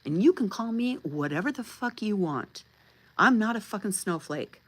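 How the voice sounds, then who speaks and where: A medium-pitched woman in her fifties speaks at normal speed with lively intonation, though the recording quality is low. As host of a livestream, she gives an impassioned, emphatic monologue, blunt and full of swearing.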